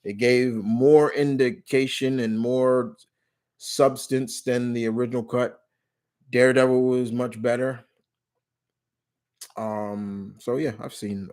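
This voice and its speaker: A man hosting a live stream Q&A in casual chat, rambling and often restarting or correcting himself mid-sentence. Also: medium pitch. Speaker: live stream host answering viewer questions.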